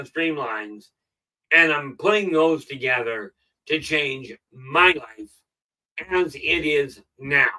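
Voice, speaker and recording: A middle-aged man giving a casual motivational talk on a live stream, rambling and filling pauses with "okay". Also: a little high, pushed and bright, recorded from a distance, low-quality recording. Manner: rambling, frequent "okay" fillers. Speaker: self-help live streamer.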